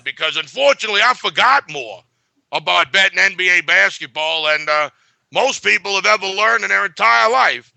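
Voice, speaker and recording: A man's voice: sits high, lively intonation, moderate pace, vocal fry, pushed and bright, no room sound. A man giving a sports betting pick in a blunt, boastful way, full of filler uhs.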